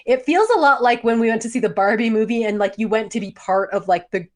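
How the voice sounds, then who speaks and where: A woman in her forties co-hosts a podcast, her voice on the high side and quick as she tells a story in casual chat. She's animated and laughs often.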